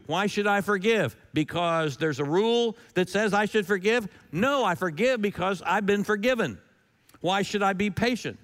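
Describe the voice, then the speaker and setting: A man's voice: high voice, moderate pace, fairly bright tone, in a large hall. A pastor preaching a sermon in an emphatic style, repeating his key lines and posing rhetorical questions.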